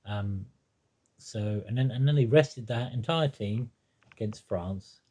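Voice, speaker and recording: A man talking casually about a football team, rambling and hesitant, with many pauses, ums and restarts. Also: fairly low pitch, darkish tone, breathy edge. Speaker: football fan commentator. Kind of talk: casual spoken monologue.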